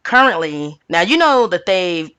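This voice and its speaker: A woman's voice: lowish voice, sing-song, measured pace, sharp tone, smooth, muffled recording. A woman hosting her own channel, recapping reality-TV gossip in a sassy, chatty, informal way and tossing in "okay" again and again. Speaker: tarot channel host. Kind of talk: casual gossip recap monologue.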